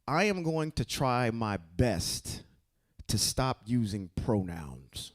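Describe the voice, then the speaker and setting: Male Bible study leader, relaxed teaching voice, keeps asking the room "okay?". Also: medium pitch, takes it slowly. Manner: keeps checking in with "okay?" and "right?"; quizzes listeners with questions. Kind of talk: casual scripture teaching to a group.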